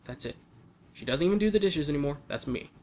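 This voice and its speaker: Frustrated young man venting, slightly high voice. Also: expressive, fast, darkish tone, slight background noise. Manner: frustrated venting with frequent restarts. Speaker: vlogger. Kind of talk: casual vlog rant.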